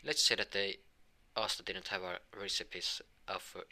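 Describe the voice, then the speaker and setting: Guy making up a fan story as he goes, rambly, keeps correcting himself, low and very bright. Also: steady tone, normal speed, creaky. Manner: rambling, full of restarts and self-corrections. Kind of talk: improvised fan story narration.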